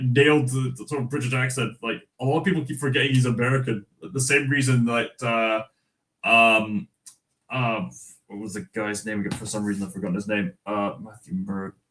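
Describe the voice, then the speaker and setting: A young Scottish man hosting a casual livestream, halting and full of fillers, answering chat comments and reading from a magazine. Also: medium pitch, fairly bright tone, poor audio. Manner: rambling, halting, with many fillers and restarts. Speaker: livestream host.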